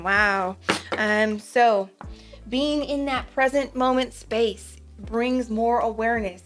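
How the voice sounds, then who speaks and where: A woman giving a gentle, reflective pick-a-card tarot reading, with frequent fillers as she goes. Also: medium pitch. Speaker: tarot reader.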